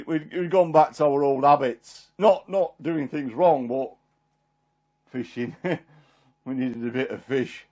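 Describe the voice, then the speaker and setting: A man plays Peter, a homely, warm-hearted fisherman, telling his story in a rambling, chuckling way. The voice sits a little high for a man and stays unpolished and everyday. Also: lo-fi sound. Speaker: performer in a one-man Bible drama. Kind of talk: dramatic character monologue.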